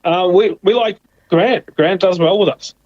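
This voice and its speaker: A man's voice: high voice, measured pace, no echo. Australian male co-host, muffled lo-fi stream audio, dry, rambling agreeable chat. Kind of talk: casual sports chat.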